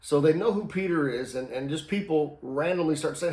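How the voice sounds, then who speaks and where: A man's voice: a little high, fairly quick, few pauses, a little mellow. A man giving an earnest sermon, telling a story, acting out the quoted lines and repeating phrases for emphasis. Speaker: preacher. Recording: roomy echo.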